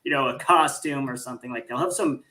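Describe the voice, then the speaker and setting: A man's voice: mid-range voice, fast, a loud crowd. A man speaking as a guest on a panel podcast, chatty and anecdotal, often restarting his sentences. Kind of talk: casual panel discussion.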